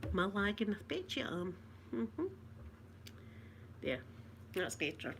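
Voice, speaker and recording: A chatty Scottish woman talks casually to her viewers from a room at home. Her voice is bright and clear at an ordinary pitch. She tells stories, mimics the people in them, and laughs easily, with a faint hum of the room behind her. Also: big pitch swings, slow. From Scotland. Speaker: ASMR livestream host. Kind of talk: casual chat to live viewers.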